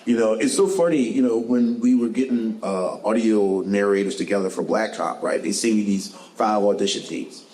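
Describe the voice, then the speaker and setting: A man with a Southern US accent answering audience questions at a bookstore author talk, animated and quick to laugh. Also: fairly low pitch, rough recording. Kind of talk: casual audience Q&A. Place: bookstore event.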